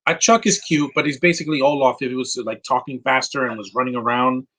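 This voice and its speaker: A man's voice: medium pitch, fast talker, bright, forceful tone, poor audio. A man giving casual live commentary while watching a movie, rambling and opinionated, with many fillers and restarts.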